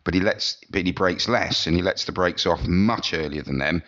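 On a muffled recording, a man with a low, fairly bright voice talks motorbike racing as a podcast co-host at normal speed. His chatty style wanders, and he often starts his sentences over.

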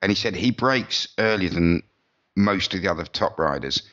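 A man's voice: low voice, lively intonation, moderate pace, fairly bright tone, muffled recording. A man co-hosting a podcast who talks about motorbike racing in a rambling, chatty way, often restarting his sentences. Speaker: podcast co-host. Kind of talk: casual motorsport chat.

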